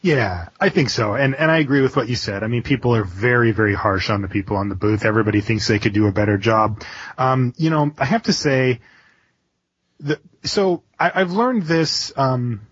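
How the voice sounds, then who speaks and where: A man with a slightly husky voice, talking excitedly and rambling, with many restarts and fillers. He sounds like a guest on a casual interview podcast. The audio is muffled and lo-fi. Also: medium pitch, moderate pace, no room sound.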